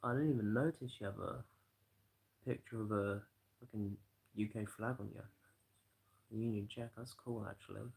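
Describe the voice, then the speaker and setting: A man's voice: on the low side, fairly even intonation, moderate pace, creaky, pauses often, darkish tone, poor audio. A British man chatting loosely on a live stream, rambling and swearing, with lots of "you know". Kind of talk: rambling casual livestream chat.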